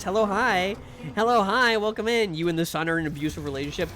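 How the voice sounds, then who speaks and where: Male live streamer with a high voice, chatty and profane, over a noisy background. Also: quick pace. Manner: rambling and profane, with excited sing-song greetings. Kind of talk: casual chat with live viewers.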